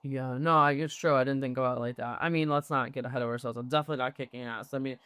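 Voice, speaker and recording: A woman co-hosting a podcast, chatting casually with quick, teasing banter. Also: very deep voice, fairly even intonation, a bit bright, clear, resonant tone. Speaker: podcast co-host. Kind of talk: casual chat.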